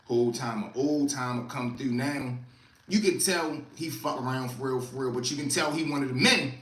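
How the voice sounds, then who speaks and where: A man's voice: medium pitch, moderate pace, roomy sound. A man with a Baltimore accent telling stories in a loose, slang-heavy way, acting out other people's voices. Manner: animated, slangy, acts out quoted voices loudly. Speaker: host. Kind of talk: casual storytelling.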